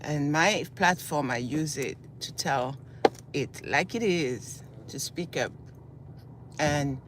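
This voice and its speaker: A woman's voice: sits low, slow. A woman from Senegal, raised in France, speaks in an impassioned commentary vlog. She has a groggy morning voice and piles up her points in repeated lists as she heads to work. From born in Senegal, raised in southern France. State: groggy morning voice, just woke up. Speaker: vlogger. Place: outdoors on a city street, on her way to work. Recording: street traffic noise behind the voice.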